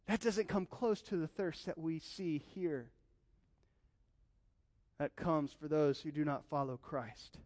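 A young man delivers a sermon in a high-pitched voice, preaching with passion and weaving in personal stories. His voice rings out with a long reverb, as if it were recorded in a church hall. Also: steady tone, takes it slowly, long pauses, darkish tone. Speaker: pastor.

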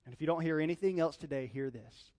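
A young man delivers a sermon in a high-pitched voice, preaching with passion and weaving in personal stories. His voice rings out with a long reverb, as if it were recorded in a church hall. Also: fast, a little mellow. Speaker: pastor.

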